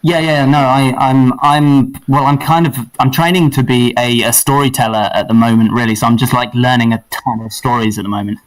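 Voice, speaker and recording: A man's voice: mid-range voice, steady tone, a little fast, hardly any pauses, recorded from a distance, low-quality recording. A man, a songwriter guest in a casual chat, playful and self-deprecating. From England.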